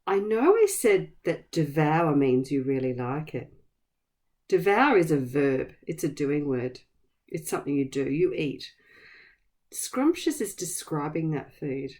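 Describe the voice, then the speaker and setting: A woman teaches new words to young children in a gentle, encouraging manner. Her voice sits a little low, yet her pitch moves with lively, wide swings. She takes it unhurried, sounding each word out with care. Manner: encouraging, speaks slowly and clearly to kids. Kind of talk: vocabulary lesson for young children.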